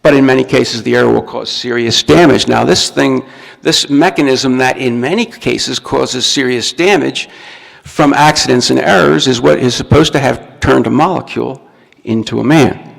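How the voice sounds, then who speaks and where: Man lecturing, gravelly voice in a hall. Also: medium pitch, normal speed. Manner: explains step by step, shows a book, restarts words often. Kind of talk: recorded talk to an audience. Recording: long reverb from a hall.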